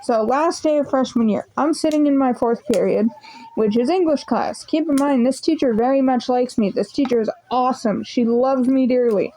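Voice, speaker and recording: A woman's voice: high-pitched, moderate pace, slight background noise, poor audio. A young woman rambling through a casual storytime vlog, swearing freely as she tells it. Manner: swearing, rambling, animated retelling. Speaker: vlogger.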